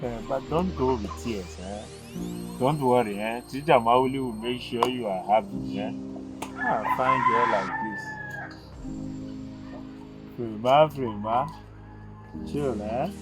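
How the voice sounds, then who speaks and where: A man's voice: medium pitch, natural voice. An actor playing a fawning male teacher who coaxes a crying schoolgirl, drawing out his words and ending lines with a pleading "eh". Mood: coaxing. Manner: coaxing, drawn-out, tag "eh" on lines. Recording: music bed behind the voice.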